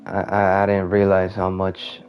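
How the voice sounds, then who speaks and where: Low-voiced man venting while gaming. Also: completely flat delivery. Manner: rambling, halting, trails off quietly. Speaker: gamer venting. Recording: muffled lo-fi audio with faint game music.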